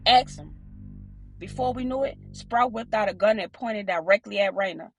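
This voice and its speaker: A woman's voice: mid-range voice, fairly quick, vocal fry, faint music behind. A woman narrating a first-person audiobook in a plain, conversational storytelling manner.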